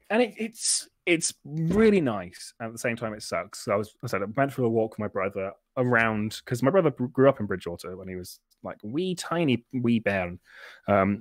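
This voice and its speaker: A man's voice: on the low side, dry recording. A man in his twenties telling a long comic story on a podcast, rambling and self-deprecating, with lots of restarts. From Britain. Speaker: podcast host.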